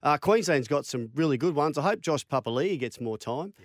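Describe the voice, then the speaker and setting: A man's voice: fairly high pitch, a little fast, no echo. A middle-aged Australian man tells a long sporting story with real gusto, swinging his voice up and down as he acts out the people in it. The sound is dry and close, with no room around it. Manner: animated yarn-spinner, acts out quotes, laughs at own stories. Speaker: former rugby league player, interview guest. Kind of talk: storytelling interview chat.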